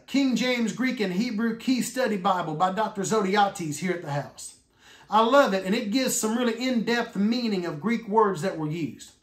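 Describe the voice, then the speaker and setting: A man preaching a sermon as a minister, stressing key words by drawing them out slowly. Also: high-pitched, reverberant.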